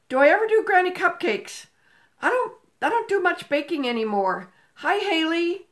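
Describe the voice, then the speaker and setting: Older lady doing a casual livestream at home, high-ish voice, reading out viewer names, talking into a phone. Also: fairly bright tone. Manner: chatty, greeting viewers by name. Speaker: livestream host. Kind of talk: casual live-stream chat. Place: home room with a table. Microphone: phone camera on a table.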